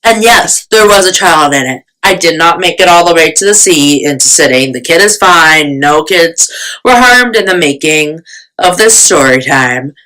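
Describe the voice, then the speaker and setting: Chatty low-voiced young woman vlogger. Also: lively intonation, normal speed, pushed and bright, poor audio. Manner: chatty, filler-heavy, self-mocking. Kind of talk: casual storytime chat.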